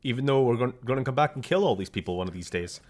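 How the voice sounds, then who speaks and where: A man's voice: medium pitch, expressive, very fast, darkish tone. A young Scottish man chatting casually and jokily while streaming a game, swearing now and then.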